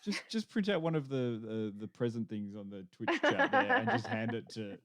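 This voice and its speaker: A man's voice: mid-range voice, big pitch swings, moderate pace, a bit bright. A man co-hosting a podcast, joking and teasing his co-hosts in casual chat. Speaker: podcast co-host.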